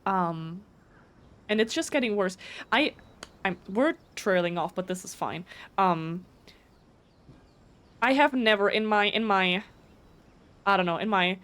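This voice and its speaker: A woman whose first language is German, chatting casually on a live stream, talking fast with frequent stutters and restarts. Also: medium pitch, lively intonation, fairly bright tone, smooth.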